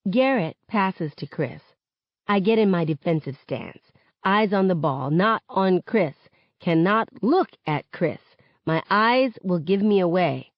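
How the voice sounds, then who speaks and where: A woman reading a novel aloud in first person, with expressive narration. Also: lowish voice, measured pace, dry recording. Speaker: reader. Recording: dull, close, dry audio.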